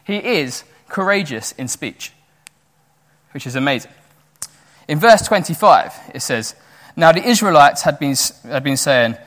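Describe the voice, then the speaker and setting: A young man preaches a sermon with a fairly high voice and lots of energy, often stumbling and restarting his sentences. His voice rings out in a large hall with a long reverb tail. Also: unhurried. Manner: animated, chatty, with many fillers and restarts.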